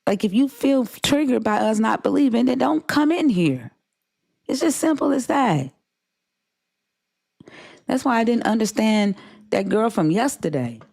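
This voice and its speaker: A woman's voice: a little high, sing-song, measured pace, vocal fry, pauses often, a little mellow. A woman from the American South hosting a live stream, talking casually and bluntly, swearing as she lectures her chat. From Southern United States.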